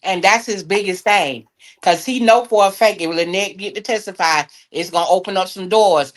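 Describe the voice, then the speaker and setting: A woman co-hosting a casual reaction chat, animated and laughing along. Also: medium pitch, normal speed. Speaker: co-host.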